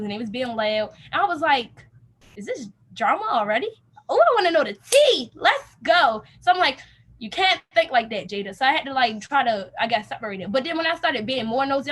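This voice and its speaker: A young adult woman with a high, bright-sounding voice tells a casual personal story. She talks in an animated, chatty way and slips into different voices to act out the quoted lines. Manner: animated, acts out quoted dialogue with laughs. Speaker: youth program participant.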